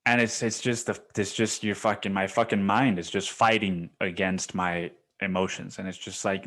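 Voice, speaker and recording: A young man hosting a solo podcast, talking in a rambling, profane, confessional way, full of "dude" and "man," swinging between loud bursts and near-whispers. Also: fairly low pitch, fairly even intonation, moderate pace, few pauses. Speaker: podcast host.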